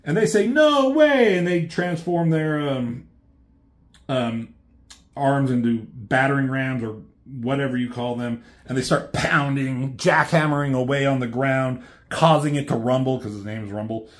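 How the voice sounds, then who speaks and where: A man's voice: mid-range voice, moderate pace. A man, a reviewer, casually retelling a cartoon plot in a rambling, offhand way with swearing.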